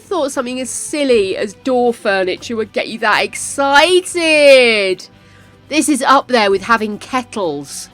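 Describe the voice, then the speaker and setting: An older woman chatting to viewers while playing a game on a live stream, easily excited. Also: on the high side, measured pace, faint music behind. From United Kingdom. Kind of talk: casual live-stream chat while gaming.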